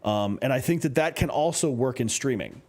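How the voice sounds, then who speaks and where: A man co-hosting a casual podcast, giving measured advice with many pauses and fillers. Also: mid-range voice, expressive, darkish tone. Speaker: podcast co-host.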